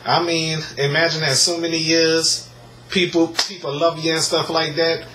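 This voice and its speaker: A man's voice: a little high, little pitch movement, normal speed. A man, vlogging at home, stammering and repeating words as he tries not to cry. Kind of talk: casual emotional vlog commentary. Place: room at home, filming a TV screen. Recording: echoey room with faint noise.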